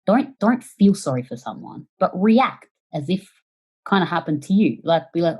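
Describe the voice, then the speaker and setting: A woman guest on a podcast giving casual conversational advice, animated and acting out quoted reactions, swearing now and then. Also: on the low side, moderate pace, husky, low-quality recording.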